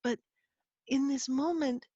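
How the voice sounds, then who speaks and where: Woman, interview guest, earnest, animated, slightly high voice, dull dry recording. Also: slow pace, dry recording. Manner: earnest, animated storytelling with many restarts. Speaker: guest expert. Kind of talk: interview answer, storytelling.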